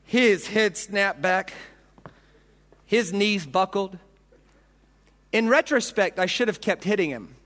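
A man's voice: sits high, expressive, slow, long pauses, a bit bright. A man preaching a storytelling sermon, dramatic, acting out voices and punches. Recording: long hall reverb.

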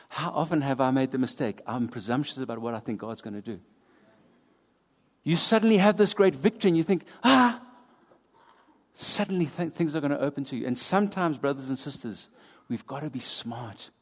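A man preaching a sermon, swinging between loud and hushed as he drives his points home. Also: medium pitch. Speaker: pastor. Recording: long hall reverb.

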